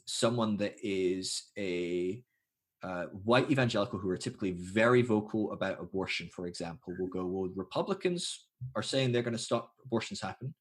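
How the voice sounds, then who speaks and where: A man in his thirties sits in as a guest on a conversational podcast, his voice slightly husky. His pitch swings widely as he talks, and he thinks aloud, stopping and restarting. He slips into animated impressions whenever he quotes someone. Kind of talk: casual conversation.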